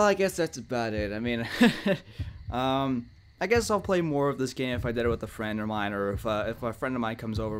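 A man's voice: mid-range voice, a bit bright, a little hiss or hum. A young man in a let's play horror game commentary, jumpy, talking back to the monster, with nervous laughs and sudden yelps. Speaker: gaming channel host.

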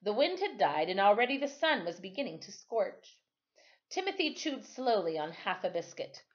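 A woman teacher reading a chapter book aloud, slow and expressive. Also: mid-range voice, lo-fi sound. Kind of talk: storybook read-aloud.

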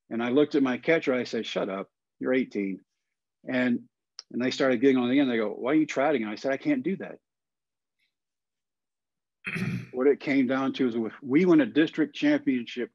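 A Texas man in his forties, guesting on a podcast, tells a long personal story in a folksy, animated way, acting out the voices of the people involved. His voice is medium-pitched, with no echo and the highs cut off.

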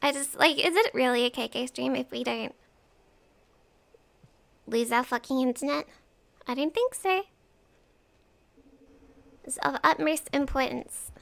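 A woman's voice: high-pitched, measured pace, creaky, pauses often, a bit bright. A woman streaming a game live, chatting casually with her viewers and swearing freely. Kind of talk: live gameplay commentary.

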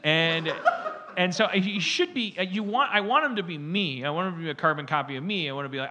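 A man's voice: a little high, lively intonation, brisk, bright, forceful tone. A man hosting a podcast, rambling comedically through stories with lots of fillers and acted-out quotes. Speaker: podcast host.

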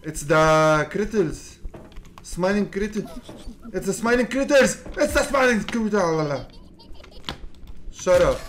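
A gaming channel host giving laid-back let's play commentary, mumbling and swearing, then yelling at the monsters. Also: medium pitch, lively intonation, slow, long pauses, a little hiss or hum.

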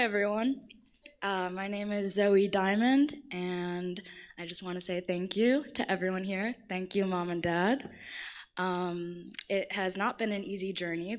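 A graduating student, a woman, gives a short, upbeat, casual thank-you speech. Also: lowish voice.

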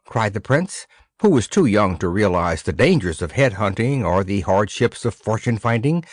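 Lively male storybook narrator. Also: fairly low pitch, moderate pace, no echo, studio quality. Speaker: audiobook narrator.

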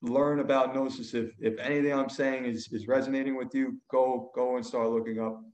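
A man's voice: mid-range voice, little pitch movement, brisk, a little mellow, a little hiss or hum. A man co-hosting a podcast in casual chat, earnest and often restarting his words. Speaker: podcast co-host. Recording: roomy, dull remote line.

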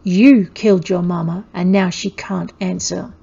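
A woman's voice: fairly low pitch, unhurried, creaky, mellow, breathy edge, lo-fi sound, exaggerated voice. A woman voicing a big, treacherous male warrior who snarls with cold spite, in a storybook reading. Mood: menacing.

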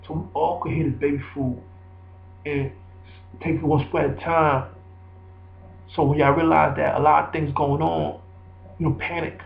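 Man, slightly high voice, gravelly, preachy rambling monologue, echoey dull recording. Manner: preachy, repetitive, emphatic.

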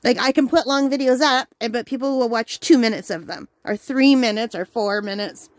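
A woman who hosts a crafting channel chats casually at home while unboxing, enthusiastic and easily delighted despite having the hiccups. Her high voice moves fairly quickly, with no echo.

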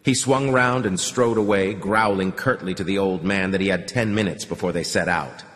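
A man narrating a novel in an audiobook with an expressive reading. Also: low voice, moderate pace, in a large hall. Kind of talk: scripted narration.

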